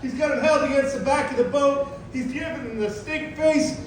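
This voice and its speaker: Male stand-up comic, high voice, crude storyteller who shouts out the quotes; roomy far-off club sound. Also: a little fast. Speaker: stand-up comedian. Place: comedy club stage. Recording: echoey club from far off with noise.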